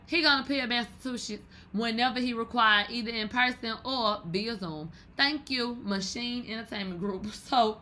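A woman from Texas, hosting a podcast with animated, profane commentary and loud exclamations. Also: a little high, a little hiss or hum. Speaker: podcast host. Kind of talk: casual commentary.

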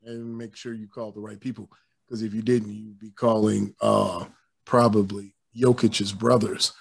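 A man co-hosting a casual sports talk show, animated and joking, slipping into voices. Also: fairly low pitch, a little slow, vocal fry, slightly rough. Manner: animated, playful, jokes and does voices. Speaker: podcast co-host.

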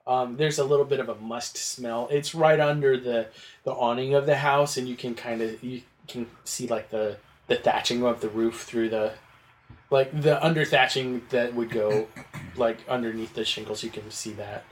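A man narrating as game master of a tabletop game, relaxed and rambling with lots of fillers. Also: medium pitch, normal speed, a little hiss or hum.

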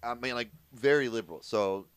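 A man's voice: mid-range voice, a little fast, smooth, dry recording. A man co-hosting a podcast, telling stories in casual chat, swearing freely. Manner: animated storytelling, lots of fillers and swearing. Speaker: podcast co-host.

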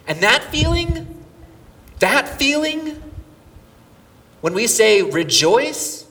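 A middle-aged man preaching a sermon, telling a story with swings from near-whispers to shouts. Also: high voice, very animated, slow pace, pauses often. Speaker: pastor. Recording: distant mic with hall reverb and faint room noise.

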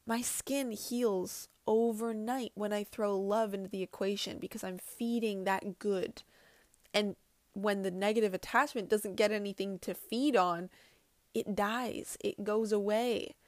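Woman, casual wellness vlog, earnest, repeats herself, mid pitch, dry sound. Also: steady tone, unhurried, darkish tone, no echo. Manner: earnest, talks directly to viewers, repeats herself. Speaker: spiritual wellness vlogger. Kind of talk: casual talk to camera.

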